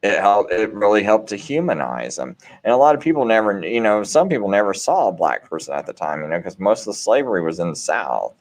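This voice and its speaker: A man's voice: fairly low pitch, very animated, fairly quick, hardly any pauses, a little mellow. A man hosting a late-night show, talking in a casual, rambling monologue full of restarts and "you know"s, with an earnest, preachy bent.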